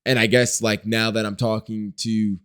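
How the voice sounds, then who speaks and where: A man's voice: on the low side, flat delivery, normal speed, fairly bright tone, clean tone. A young man from Wisconsin talking casually to his camera in a diary-style vlog, rambling in slang and filling his talk with "like" and "you know". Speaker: vlogger.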